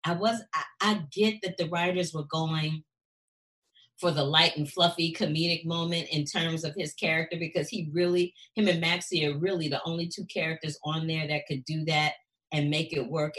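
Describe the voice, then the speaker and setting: A woman with a fairly low voice co-hosts a casual chat show. She talks in an animated way and slips into other people's voices as she retells scenes. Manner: animated, acts out characters' lines. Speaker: show co-host.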